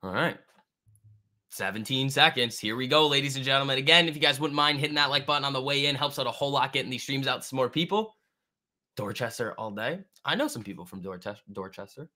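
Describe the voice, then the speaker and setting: Hosting a live trading stream, a man speaks fast in a bright, forceful, mid-range voice. He keeps things loose and slangy, answering viewers' chat as he goes.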